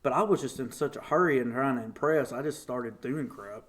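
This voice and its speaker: A young man, a podcast guest telling a story casually and acting out the voices in it. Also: brisk. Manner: animated, acts out quotes with big pitch jumps.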